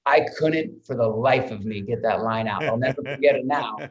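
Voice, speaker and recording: Lively storytelling actor, dull lo-fi sound. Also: male voice, medium pitch, moderate pace, crowd noise. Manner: lively storyteller, swears freely, repeats words while restarting. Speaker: actor guest. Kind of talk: animated anecdote telling.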